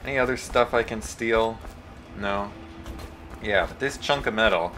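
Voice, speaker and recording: Speaking at a measured pace in a fairly low voice that sounds pushed and bright, a young man provides commentary on his gameplay as a let's play host, full of self-mocking jokes and meandering tangents.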